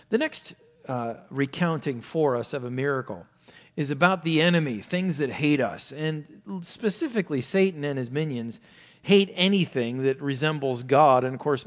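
A male pastor preaching a sermon, asking rhetorical questions and swinging from loud emphasis down to hushed, low asides. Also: moderate pace. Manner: asks many rhetorical questions.

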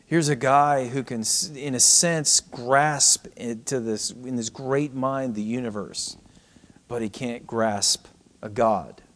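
A middle-aged man preaching a sermon, swinging between raised cries and hushed, almost whispered passages. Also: mid-range voice, slow pace. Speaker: pastor.

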